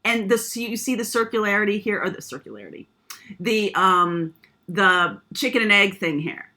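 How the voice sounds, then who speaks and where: A woman's voice: mid-range voice, animated, moderate pace, bright, forceful tone. A woman giving a casual spiritual tarot reading, rambling and often checking in with "okay?". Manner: meandering, frequent "um" and tag "okay?". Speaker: tarot reader.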